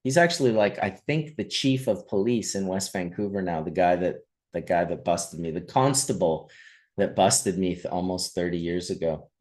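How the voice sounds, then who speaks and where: A man's voice: low voice, normal speed. Swearing storyteller man. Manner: animated storyteller, swears freely. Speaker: podcast host. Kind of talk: casual storytelling chat.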